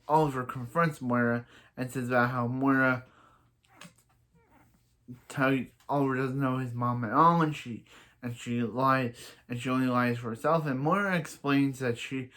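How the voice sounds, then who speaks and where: A man's voice: medium pitch, a bit bright. A man casually recapping a TV episode as a reviewer, rambling through restarts and giving blunt opinions. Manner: rambling, stumbling over restarts.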